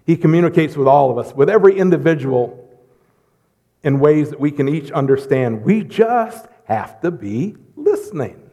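A middle-aged man preaching a lively, joking sermon in church, swinging between loud bursts and hushed asides. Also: on the high side, normal speed. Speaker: pastor. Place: church sanctuary. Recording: long hall reverb.

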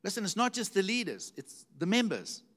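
A man's voice: sits high, big pitch swings, a little fast, fairly bright tone. A middle-aged man preaching a sermon, telling stories animatedly and repeating words for emphasis. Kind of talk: sermon storytelling.

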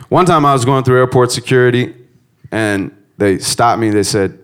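A man doing a stand-up set, swinging between quiet reflective musing and loud profane punchlines in a conversational storytelling style. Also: mid-range voice, normal speed, clear, resonant tone. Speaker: stand-up comedian.

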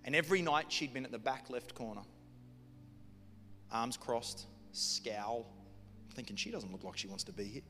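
New preacher telling a funny story. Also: male voice, mid-range voice, normal speed, pauses often. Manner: humorous storytelling, lively and conversational. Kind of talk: sermon. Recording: long hall reverb with music behind.

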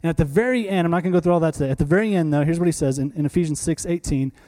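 A male pastor preaching a sermon in a conversational, animated way, acting out little scenes. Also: on the high side, racing.

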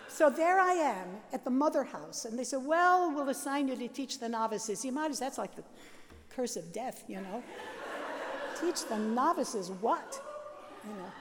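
An older woman, a Catholic nun, telling her life story in a lively, laughing way and acting out the sounds and voices in it. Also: sits high, big-room sound. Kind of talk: animated personal storytelling.

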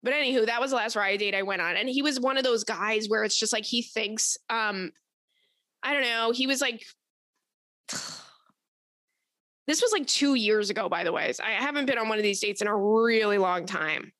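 A woman's voice: on the high side, moderate pace, a bit bright, no room sound. A young woman hosting a podcast, telling stories in casual chat, blunt and profane with lots of energy. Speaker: podcast host.

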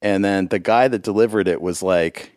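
A man's voice: low-pitched, normal speed, darkish tone, no echo, studio quality. A man, a musician guest on a podcast, telling a rambling story in casual chat with frequent laughs.

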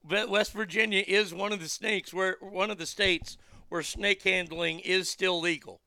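A man's voice: high-pitched, fairly even intonation, normal speed, creaky, pushed and bright, clear, resonant tone, dry recording. Ranting, swearing male talk-radio host. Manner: ranting, blunt, swearing, self-mocking. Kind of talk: profane casual monologue.

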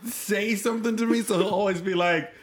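A man's voice: high voice, fairly even intonation, fairly quick. A man co-hosting a casual chat, laughing as he mocks the small talk of coworkers and his boss. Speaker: podcast co-host.

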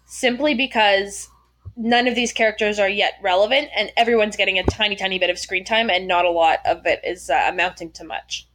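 A woman's voice: medium pitch, fairly even intonation, fairly quick, fairly bright tone. A young woman co-hosting a podcast, chatting casually with blunt, sarcastic remarks and free swearing. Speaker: podcast co-host. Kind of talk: casual chat.

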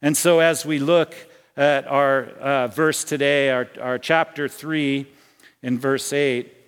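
A man's voice: mid-range voice, steady tone, slow pace, clean tone, in a large hall. A man preaching a sermon as pastor, talking conversationally and often restarting his phrases. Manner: conversational, with repeated restarts and personal anecdotes. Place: church sanctuary.

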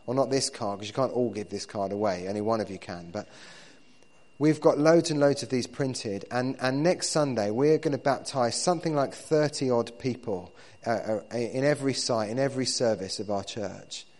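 A male pastor delivering a sermon in an everyday speaking voice at a middle pitch. His delivery is conversational and unpolished, with frequent restarts and doubled words as he gathers his thoughts. He speaks to the congregation the way he would talk to friends. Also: normal speed, darkish tone. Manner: conversational, repeats words while building points.

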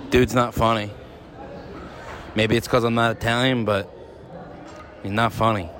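A man sending a casual voice memo, complaining bluntly and deadpan. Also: lowish voice, a little slow.

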